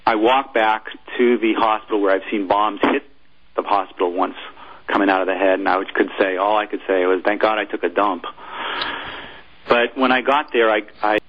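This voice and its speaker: In an interview, a man who once served as a military chaplain recounts a personal story, hesitating and repeating words along the way. His voice sits fairly low with fairly even intonation, and the audio sounds dull.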